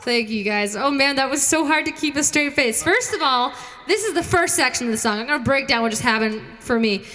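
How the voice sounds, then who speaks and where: A woman talks casually to her livestream viewers from home, bubbly and quick to giggle. Her voice sits high, with a bright, sharp edge. She sounds like a singer hosting her own concert between songs. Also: slight background noise.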